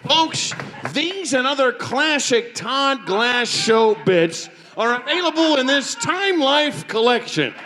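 A man's voice: extremely high pitch, animated, slow pace, very noisy. A man on a live comedy stage, reading a mock announcement in a dry tone.

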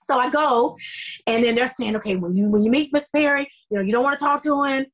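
A middle-aged woman, an actress guest on an interview podcast, telling her story in a lively way and acting out the dialogue. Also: high-pitched, fast. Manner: animated, acts out quoted dialogue.

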